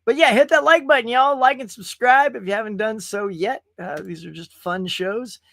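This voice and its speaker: A man's voice: high-pitched, normal speed, creaky, a bit bright, no echo. A man hosting a casual livestream show, chatting in a rambling way and reading viewer messages aloud. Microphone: webcam stream setup.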